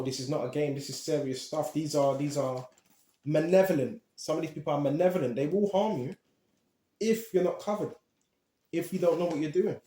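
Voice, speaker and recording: In an echoey room, a preacher with a slightly high, mellow voice chats his way through Bible teaching. He reads verses, drops street slang, and checks in again and again with "right?".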